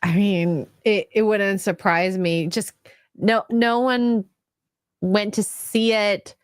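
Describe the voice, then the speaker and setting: A woman with a mid-range voice joining a livestream chat, quick to laugh and to tease. Her voice is recorded dry, with no room sound. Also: medium pitch, fairly even intonation, smooth, no room sound. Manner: laughs often, teasing quips. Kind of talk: casual chat.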